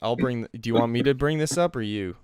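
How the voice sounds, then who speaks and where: A man's voice: medium pitch, fast talker, crowd noise. A man co-hosting a casual comedy podcast, reading emails aloud with amused laughter. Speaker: podcast co-host.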